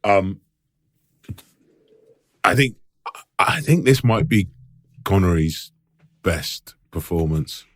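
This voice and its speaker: Co-host, male, very low voice, dry sound, easygoing chatty delivery. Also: animated, slow, long pauses, dry recording. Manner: chatty, laughs often, fillers like "you know what I mean". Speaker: podcast co-host. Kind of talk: casual film chat.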